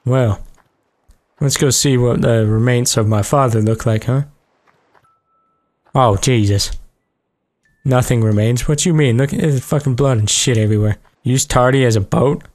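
A man's voice: medium pitch, moderate pace, pauses often, darkish tone. Man cursing through game commentary. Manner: joking, profane, reacting aloud. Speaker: gaming video host. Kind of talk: let's play commentary.

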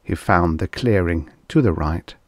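A man's voice: low voice, unhurried, no room sound, clean studio sound. A man reading vintage science fiction aloud as an audiobook narrator, telling the story expressively. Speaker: audiobook reader.

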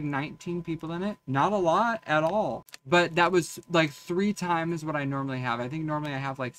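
A young man with a slightly high voice films himself at home, talking straight into the camera. He is candid and foul-mouthed, and he jokes at his own expense. He swings from loud outbursts to quiet murmurs. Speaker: vlogger and streamer. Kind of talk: casual confessional vlog.

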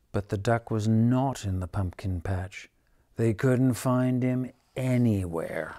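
Slow, gentle man reading a picture book. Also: lowish voice. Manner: gentle, unhurried, dramatic. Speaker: storyteller.

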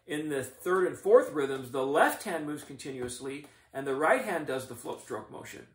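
A middle-aged man teaching drumline warm-ups, explaining each exercise in a methodical, encouraging coaching manner. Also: fairly high pitch, expressive, moderate pace, over loud music. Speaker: drumline instructor. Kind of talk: instructional demonstration. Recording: echoey room, mic at a distance.

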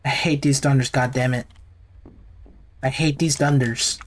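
A man's voice: mid-range voice, steady tone, unhurried, slight background noise. A man giving nervous, jumpy commentary while playing a horror game, talking to himself. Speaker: gaming YouTuber.

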